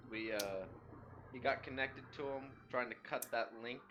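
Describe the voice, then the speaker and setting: A man's voice: medium pitch, normal speed, background noise, close to an everyday voice. A man voicing a brash, friendly young bro paladin who rambles in easygoing slang. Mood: rambling. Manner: laid-back surfer-bro slang, rambling. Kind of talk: playing a tabletop game character.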